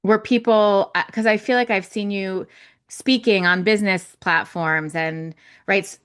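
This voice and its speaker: A woman's voice: medium pitch, steady tone, unhurried, fairly bright tone, clear, resonant tone. A woman podcast host interviewing a guest, with supportive reactions and follow-up questions. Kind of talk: conversational interviewing.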